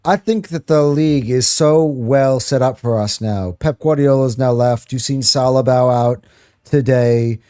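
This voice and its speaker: A man hosting a football fan reaction show, chatting casually and excitedly, swearing freely and restarting his sentences as he rambles. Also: mid-range voice, measured pace, clear, resonant tone. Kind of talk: casual chat.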